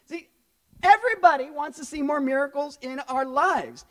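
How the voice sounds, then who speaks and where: A middle-aged male pastor preaching a lively sermon, often acting out the voices of people in the story. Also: extremely high pitch, normal speed.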